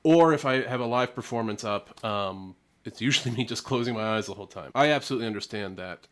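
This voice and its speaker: A man's voice: medium pitch, fast, few pauses, a bit bright. A man from Connecticut giving chatty, self-deprecating reaction commentary. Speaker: reaction video host.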